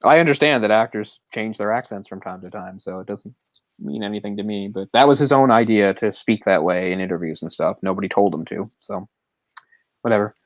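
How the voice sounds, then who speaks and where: A man's voice: lowish voice, fairly quick, no room sound, lo-fi sound. A man co-hosting a movie podcast, rambling and opinionated, often chuckling as he talks. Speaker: podcast co-host. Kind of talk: casual movie discussion.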